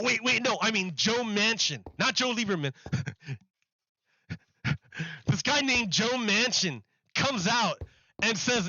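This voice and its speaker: A man's voice: high voice, pushed and bright, no room sound, highs cut off. A man on a live stream ranting about politics, emphatic and mocking, repeating himself for effect.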